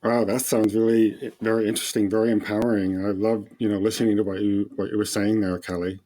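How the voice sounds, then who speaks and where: A man's voice: on the low side, little pitch movement, fast, dark tone. A man hosting a podcast, introducing his co-host and guest in a friendly, brief way.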